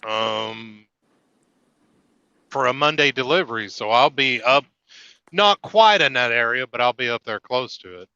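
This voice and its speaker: A man's voice: medium pitch, expressive, measured pace, long pauses, bright, forceful tone, no room sound, lo-fi sound. A man with a Southern accent, a trucker chatting casually on a live stream and rambling with many fillers and restarts. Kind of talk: casual chat.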